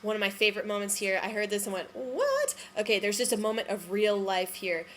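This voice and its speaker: A woman's voice: medium pitch, level tone, quick pace, over loud music. A woman giving casual commentary on musical theatre recordings, chatty and hedging, with frequent ums and self-corrections. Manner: unsure, hedging her opinions.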